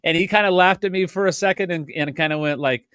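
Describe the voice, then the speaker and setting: A man's voice: high voice, quick pace, fairly bright tone, clear, resonant tone, no echo, studio quality. A middle-aged man hosting a podcast and chatting casually, rambling and cutting himself off, with the hiccups. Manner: rambling, self-interrupting, laughs often. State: has the hiccups. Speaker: podcast host and drum teacher. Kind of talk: casual chat.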